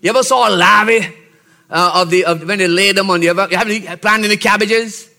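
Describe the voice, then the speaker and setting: A pastor preaching an expository sermon in a teacherly way, checking in with his listeners and building up to loud, emphatic exhortation. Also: sits high, a little fast, gravelly. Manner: teacherly, checks in with "Okay?" and "See?".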